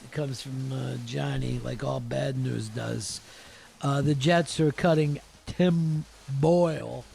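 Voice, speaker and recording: A man's voice: medium pitch, steady tone, slow pace, vocal fry, a little mellow, a little hiss or hum. A man co-hosting a casual sports podcast, teasing his friends with a lot of swearing. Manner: profane, teasing. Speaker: podcast co-host.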